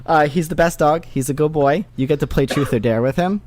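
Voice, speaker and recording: A man's voice: fairly high pitch, dry recording. A man co-hosting a podcast, chatting in a dry, joking way. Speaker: podcast co-host. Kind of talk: casual podcast chat.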